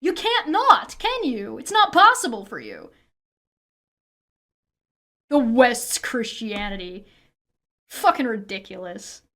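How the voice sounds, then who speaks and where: Woman streamer, high voice, heated and foul-mouthed reaction talk. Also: sing-song, slow, long pauses, pushed and bright. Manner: swears constantly, heated and ranting. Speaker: streamer reacting to a debate video. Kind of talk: angry reaction rant.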